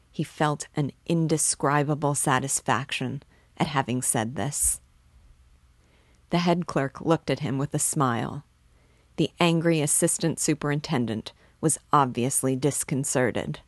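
A woman reads a classic novel aloud in a measured, steady way. Her voice sits low. The sound is dry and close to the mic. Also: no room sound. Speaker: host reading a novel aloud.

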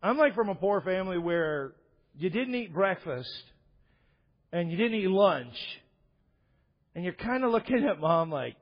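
A man's voice: high-pitched, very animated, unhurried, pauses often, slightly rough. A man preaching a sermon as a pastor, telling stories in a conversational way with wry asides. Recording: dull echoey hall recording.

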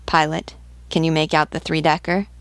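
A woman's voice: low-pitched, flat delivery, normal speed, dry recording. A woman reading the lines of a terse male naval captain preparing for battle, in clipped questions.

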